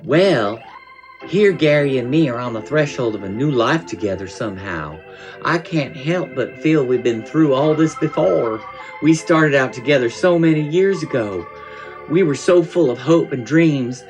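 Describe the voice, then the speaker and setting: A man voicing an earnest, hopeful Southern housewife reading her diary aloud in a put-on Southern US accent, slow and heartfelt. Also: medium pitch, lively intonation, soft background music, natural voice. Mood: wistful. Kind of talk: dramatic reading of a diary entry.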